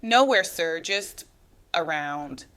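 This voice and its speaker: A woman reading the lines of a shy, earnest homeless boy in a storybook tale, hesitant and rough in his speech. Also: sits low, expressive, slow, a bit bright, heavily acted. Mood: nervous. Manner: hesitant, rough street talk.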